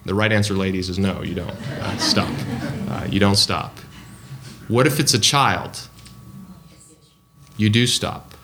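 A man's voice: fairly low pitch, unhurried, pauses often, pushed and bright, slight background noise. A man preaching a sermon in a conversational way, with frequent ums and restarts.

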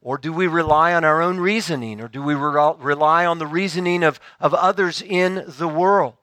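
A man preaching a sermon in a measured, earnest way, slowing down to stress key phrases. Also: on the high side, bright, forceful tone, no room sound.

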